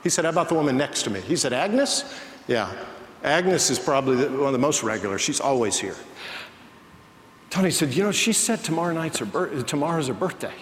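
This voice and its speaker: Preacher, male, slightly higher voice, lively storyteller, roomy church hall with long reverb. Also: fairly quick, slight background noise. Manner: animated, acts out quoted voices in the story. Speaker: pastor. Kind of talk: sermon storytelling. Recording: echoey church hall, faint ambience.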